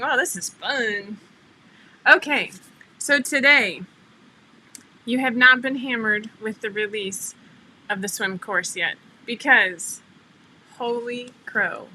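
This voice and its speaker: A woman's voice: on the high side, sharp tone, a little hiss or hum, rough recording. A middle-aged woman hosting a casual livestream, chatty and laughing often as she greets viewers by name over a computer mic. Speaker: livestream host.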